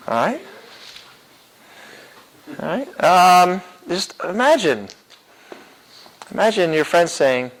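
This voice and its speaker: A man's voice: sits high, sing-song, takes it slowly, long pauses, poor audio. A man teaching a church apologetics class in a casual, chuckling way, with many fillers and restarts. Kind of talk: classroom lecture.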